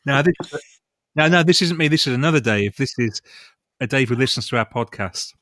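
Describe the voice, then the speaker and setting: A man chatting on a podcast in a wry, self-deprecating manner. His voice sits at a middle pitch and the sound is dry and close. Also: expressive, a little fast, a bit bright, no echo. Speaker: podcast guest. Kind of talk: casual chat.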